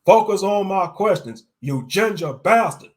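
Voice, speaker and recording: A man voicing a hot-tempered young male interrogator who snaps sharp insults in a raised voice. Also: medium pitch, measured pace, natural voice.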